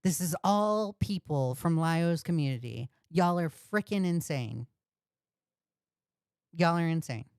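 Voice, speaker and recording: A woman's voice: low-pitched, expressive, slow, a little mellow, smooth, no echo, studio quality. A woman host ranting on a commentary livestream, profane and indignant, repeating insults. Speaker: commentary streamer.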